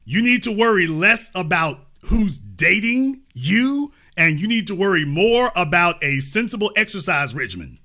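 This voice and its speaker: A man with a high, bright voice hosts a call-in show. He mocks and insults and keeps repeating his jabs. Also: sing-song, moderate pace, hardly any pauses. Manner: mocking, insulting and repetitive. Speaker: show host. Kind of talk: call-in show arguing with a caller.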